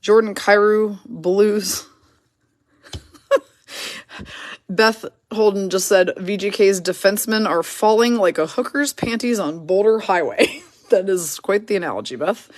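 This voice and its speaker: A woman hosting a live card break, quickly reading out player names and teams and chatting with viewers in the comments. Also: mid-range voice, no echo, studio quality. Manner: brisk, reads names and teams in quick lists, chats with viewers.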